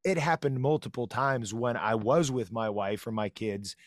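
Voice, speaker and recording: A man's voice: mid-range voice, moderate pace, dry recording, studio quality. A man co-hosting a podcast, talking casually and enthusiastically, rambling a little. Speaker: podcast co-host. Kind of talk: casual chat.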